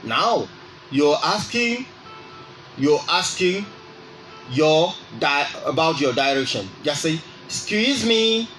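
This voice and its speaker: A man hosting a radio English lesson, speaking slowly and repeating phrases so listeners can drill them. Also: on the high side, animated, a bit bright, faint music behind, poor audio. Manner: exaggerates rising intonation on example phrases. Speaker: radio English teacher and host. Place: radio studio.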